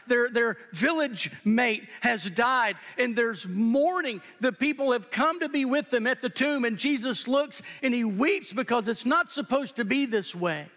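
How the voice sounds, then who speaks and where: A male pastor with a high, bright voice delivers a sermon during a live service, his words ringing through the long reverb of a church sanctuary. He speaks a little slowly with hardly any pauses, earnest and emphatic, repeating phrases to give them weight.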